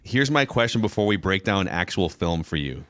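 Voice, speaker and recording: A man hosting a football podcast, asking questions in a teasing, quick-witted way. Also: low-pitched, sing-song, a bit bright. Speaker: podcast host. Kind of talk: casual podcast chat.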